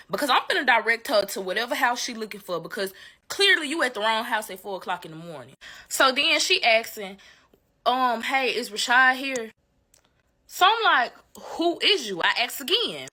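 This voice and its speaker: A young woman telling a story to her viewers in a casual, animated way, swearing freely and talking straight to the audience. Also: fairly high pitch, no echo. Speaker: storytime vlogger.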